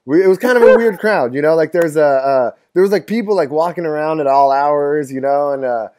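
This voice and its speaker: A man's voice: a little high, brisk, darkish tone. A man in his late twenties telling a story as a podcast guest, rambling and profane with constant filler words. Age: 20s. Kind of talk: casual storytelling.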